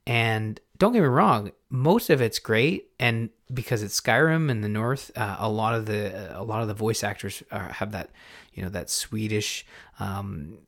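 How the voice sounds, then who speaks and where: A man hosting a gaming podcast in a casual, rambling way, often stopping himself mid-thought and getting excited. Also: fairly low pitch, moderate pace. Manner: rambling, self-interrupting, excitable. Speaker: podcast host. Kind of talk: casual chat.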